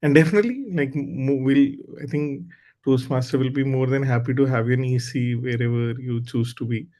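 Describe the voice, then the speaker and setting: A man's voice: medium pitch, fairly even intonation, a little fast, darkish tone. A man hosting an online club meeting and leading a speaking exercise in a loose, conversational, encouraging way, heard over a video call.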